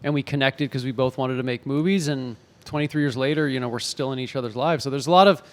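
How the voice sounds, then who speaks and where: A man in his forties, an actor and author, telling animated anecdotes in a casual interview and acting out the quotes. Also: mid-range voice, fast. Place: home in Los Angeles.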